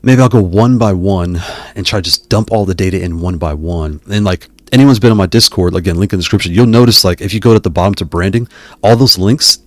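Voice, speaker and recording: Low-voiced rambling man on a live stream. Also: fast, no room sound. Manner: rambling, self-interrupting, digressive. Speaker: YouTube host reading live chat.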